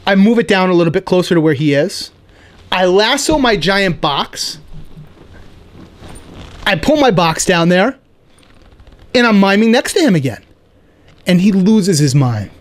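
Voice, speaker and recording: A man hosting his own podcast, telling a playful comic story in a casual, animated way with frequent "right?" asides. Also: high-pitched. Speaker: podcast host.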